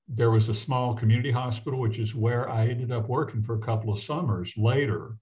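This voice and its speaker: An older man from the American South, a physician guest, telling a personal story in an earnest, halting way with frequent restarts. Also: medium pitch, darkish tone. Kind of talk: reflective personal storytelling in conversation. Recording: dull lo-fi audio.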